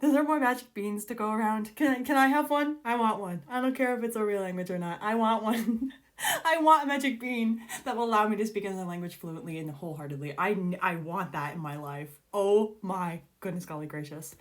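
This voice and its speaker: A young woman reacting to a book as she reads, gushing and giggly, teary with excitement, exclaiming often. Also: fairly high pitch, moderate pace. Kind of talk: excited reading reaction chat.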